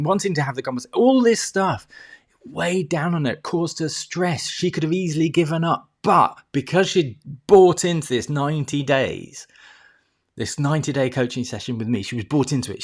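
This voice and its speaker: A middle-aged man who works as a life coach talks casually to camera. He restarts his sentences often, swears now and then, and makes little ding sound effects as he goes. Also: mid-range voice. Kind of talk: casual teaching monologue to camera.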